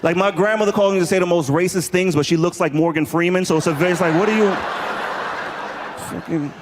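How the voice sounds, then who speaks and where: A man doing a stand-up comedy set, telling animated stories and shouting out impressions. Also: high voice, fast, in a large hall. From New York. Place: comedy club stage with a live audience. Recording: crowd laughter and room noise.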